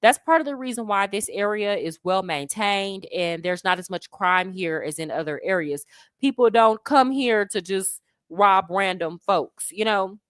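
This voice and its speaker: An American woman hosting a casual livestream, chatting with viewers in loose slang and calling them "y'all". Her voice has a middle pitch and swings a lot between high and low. She laughs often, and the dry sound has little room around it. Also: lively intonation, moderate pace, a bit bright, smooth, no echo. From United States. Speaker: expat travel livestream host. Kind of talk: casual livestream chat, answering viewer comments. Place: Colombia, living abroad.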